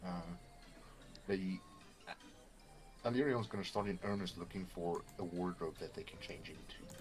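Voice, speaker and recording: Man, tabletop player, matter-of-fact, very deep voice, clear music behind. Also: measured pace. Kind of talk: tabletop game play.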